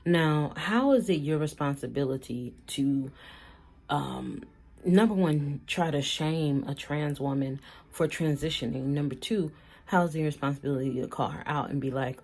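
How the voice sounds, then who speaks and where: A woman's voice: low-pitched, normal speed, a little mellow. A woman in her thirties vlogging from a car, giving her blunt, outspoken opinions and swearing freely. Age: 30s. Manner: mocks others with trailing "da, da, da". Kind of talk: casual opinion rant to camera.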